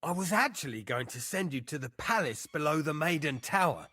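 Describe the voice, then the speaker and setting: An actor playing a scheming castle servant man who gives exaggerated, conspiratorial warnings in a husky voice. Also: a little high, expressive, fairly quick, bright, forceful tone, heavily acted. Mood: ominous.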